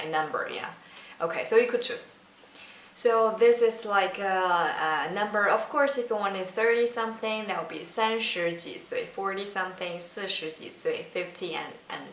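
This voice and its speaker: Casting: woman, patient language teacher, lowish voice, recorded a bit off-mic in a roomy space. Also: fairly bright tone. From China. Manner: patient, repeats words slowly for learners. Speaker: Mandarin teacher. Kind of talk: casual online lesson. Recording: roomy, slightly distant mic with faint noise.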